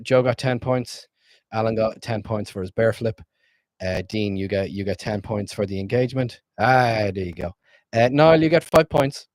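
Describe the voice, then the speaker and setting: A man's voice: fairly low pitch, darkish tone, no echo. A man streaming as game master, wrapping up a tabletop session in loose, rambling casual chat with frequent swearing.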